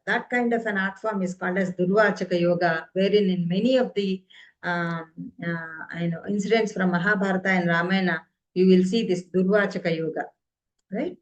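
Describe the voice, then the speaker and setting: A woman's voice: mid-range voice, low-quality recording. A woman giving an earnest explanatory talk, full of fillers and rhetorical questions. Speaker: speaker on ancient Indian arts.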